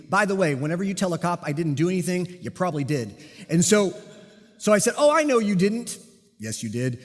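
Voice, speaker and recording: A man delivers a sermon in a church sanctuary, shaping a personal story with animated timing and dry jokes at his own expense. His voice sits a bit high for a man. Long reverb from the hall trails behind each phrase. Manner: animated storytelling with self-deprecating humor. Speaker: pastor and police officer.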